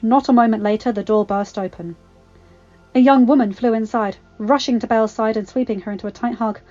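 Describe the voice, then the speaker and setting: A woman reading a fan fiction story aloud in a calm, even manner. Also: a little high, a little fast, lo-fi sound, faint music behind. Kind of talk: audiobook narration.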